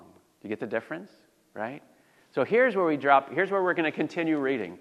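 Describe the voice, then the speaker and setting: A man's voice: a little high, sing-song, a little fast, a bit bright. Conversational male preacher in a reverberant church. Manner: conversational preaching with rhetorical questions. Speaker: pastor. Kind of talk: sermon. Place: church sanctuary. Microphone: handheld or stand mic. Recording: long reverb of a church hall.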